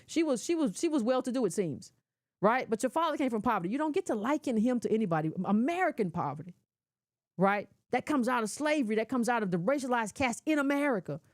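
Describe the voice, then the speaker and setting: Emphatic woman commentator with a lively, high voice. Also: quick pace, no room sound, studio quality. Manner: emphatic, lecturing, laughs often, colloquial. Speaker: commentator reacting to clips. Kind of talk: casual opinionated commentary.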